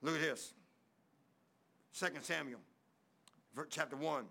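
Male preacher, high gravelly voice, folksy storyteller who acts out dialogue. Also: unhurried, bright, forceful tone. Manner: folksy, rambling Southern preacher talk with quoted dialogue. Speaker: pastor. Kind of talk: storytelling sermon.

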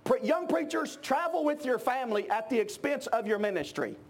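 A middle-aged man preaching a sermon, emphatic and shouting at his peaks. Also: very high voice, lively intonation, brisk. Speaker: pastor.

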